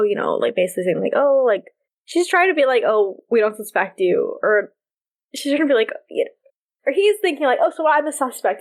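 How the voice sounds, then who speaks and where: A young woman co-hosting a podcast in casual chat, animated and laughing often as she acts out what characters say. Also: a little high. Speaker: podcast co-host.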